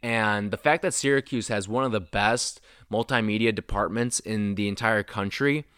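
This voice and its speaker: A young man hosting a casual sports talk show, animated and excitable, his voice jumping up when he gets worked up. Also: fairly low pitch, normal speed, clean tone, no room sound, studio quality.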